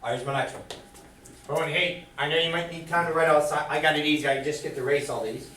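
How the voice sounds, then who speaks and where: A man's voice: on the high side, steady tone, quick pace, a bit bright, slight background noise. A man teaching a math class in a classroom, quizzing students with fill-in questions. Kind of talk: classroom lecture. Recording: echoey room, far from the mic.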